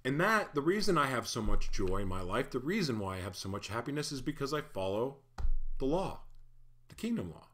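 A man delivers a sermon in an easygoing, conversational style, full of animated asides and playful tangents. His voice sits in a middle register. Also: mid-range voice, fast, hardly any pauses. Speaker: pastor. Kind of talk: casual sermon.

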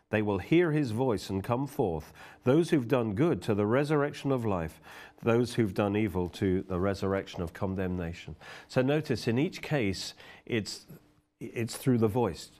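A man's voice: medium pitch, a little mellow. A middle-aged man preaching a sermon, fervently reading and explaining scripture.

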